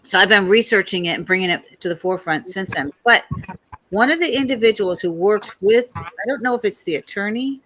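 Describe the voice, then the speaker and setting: A woman hosts a casual online talk show, her voice bright and forward. She talks in a chatty way, spinning long stories and acting out the people in them. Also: mid-range voice, brisk, a little hiss or hum, rough recording. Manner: chatty, storytelling, quotes others in lively voices.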